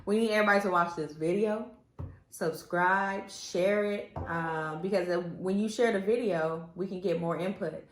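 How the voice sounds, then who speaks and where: A woman's voice: fairly low pitch, moderate pace, echoey room. A woman, co-hosting a parenting podcast and chatting casually as she asks listeners for their feedback. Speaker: podcast co-host. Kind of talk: casual chat.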